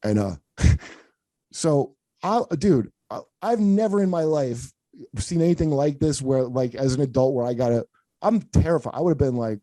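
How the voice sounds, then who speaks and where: A man's voice: medium pitch, animated, normal speed, mellow, no echo. A man hosting a comedy podcast, telling rambling, profane stories in casual chat. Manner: profane, rambling anecdotes with acted-out quotes.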